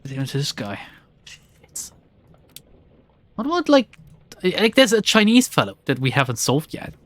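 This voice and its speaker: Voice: mid-range voice, sing-song, moderate pace, fairly bright tone. A streamer giving casual let's play commentary in an exasperated, sarcastic tone, often swearing.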